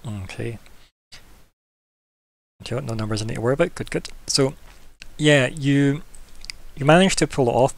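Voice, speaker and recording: A man's voice: mid-range voice, vocal fry. A man narrating a tabletop game as game master, rambling with many fillers.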